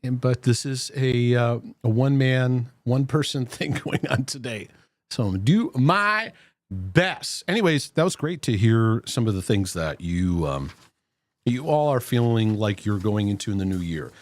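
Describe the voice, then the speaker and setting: A man's voice: medium pitch, expressive, normal speed, no echo, clean studio sound. A man hosting a Christian mental health livestream, chatting casually and reading out viewer comments, laughing easily between them. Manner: chatty, laughs easily, many fillers and restarts.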